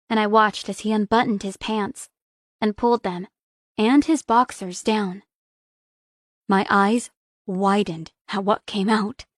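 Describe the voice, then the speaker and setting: A young adult woman narrating a first-person romance audiobook in a soft, intimate reading. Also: mid-range voice, no room sound, clean studio sound.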